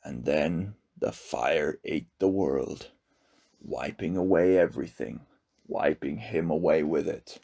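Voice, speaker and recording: Slow, gravelly man reading a story. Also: very deep voice. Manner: slow, expressive storytelling with rising intensity. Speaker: narrator. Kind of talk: audiobook reading.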